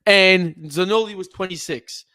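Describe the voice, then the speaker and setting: Guy co-hosting a sports chat, bright tense voice, kinda high, gets loud and worked up. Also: normal speed, no room sound, poor audio. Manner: excitable, loud outbursts. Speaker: podcast co-host.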